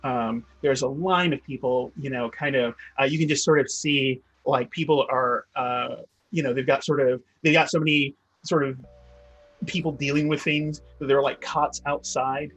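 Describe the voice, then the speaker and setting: A man's voice: medium pitch, steady tone, moderate pace, a bit bright, poor audio. A man narrating a tabletop game as game master, rambling and restarting often. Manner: rambling, full of fillers and restarts.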